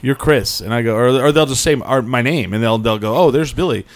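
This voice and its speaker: Young guy rambling thru stories on a podcast, dry mic, middle pitch. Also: fast, dry recording. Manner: rambling storyteller, acts out quotes. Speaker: podcast co-host. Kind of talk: casual chat.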